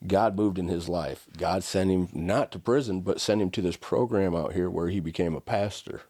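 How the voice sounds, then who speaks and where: Deep-voiced man telling his story casually. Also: normal speed, dry recording, clean studio sound. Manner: casual, animated storytelling with frequent "right?" and "like". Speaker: podcast guest. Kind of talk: conversational storytelling.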